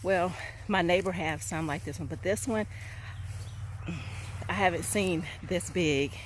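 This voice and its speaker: A homestead vlogger stands outdoors on a rural hillside farm, chatting enthusiastically to a handheld phone camera in casual vlog style and repeatedly saying "y'all." Her voice is lowish and unhurried, with slight background noise.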